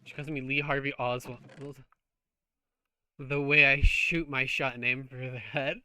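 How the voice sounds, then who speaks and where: A man's voice: mid-range voice, steady tone, a little slow, pushed and bright, smooth, no echo. A man streaming a game, chatting casually while he plays, joking and swearing freely. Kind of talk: casual gameplay chat.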